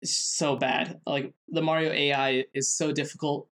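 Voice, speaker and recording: A man co-hosting a podcast, presenting a researched segment in casual chat, halting with many fillers and restarts. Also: fairly high pitch, level tone, a bit bright. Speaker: podcast co-host.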